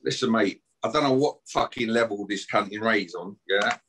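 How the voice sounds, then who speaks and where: A man's voice: lowish voice, moderate pace, fairly bright tone, a little hiss or hum. A middle-aged man, guest on a podcast, ranting aggressively and swearing and taunting as he talks. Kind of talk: heated podcast rant.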